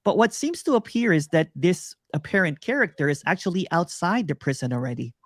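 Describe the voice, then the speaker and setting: A man speaking as a podcast guest, explaining ideas in a slow, thoughtful way and laughing easily. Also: on the high side, animated, dry recording, studio quality. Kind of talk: interview talk.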